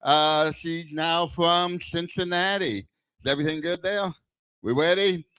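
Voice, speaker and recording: A man's voice: on the high side, a little slow, bright, forceful tone, clear, resonant tone, no echo. An older man, doing a crude, self-deprecating stand-up set into a handheld mic at a small bar open mic. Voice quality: lisp. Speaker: stand-up comic. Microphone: handheld stage mic.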